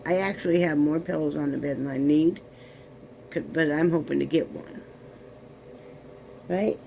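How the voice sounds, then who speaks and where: A woman with a gravelly edge talks casually at home to her viewers, drifting into cooing baby talk for her little dog. Her pitch sits in a middle range, and faint room noise is heard behind her. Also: normal speed, mellow, poor audio. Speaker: vlogger.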